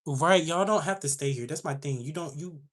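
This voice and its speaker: A young woman hosting a livestream, telling a story to her chat in a sassy, animated way. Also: low-pitched, a little fast. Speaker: livestream host.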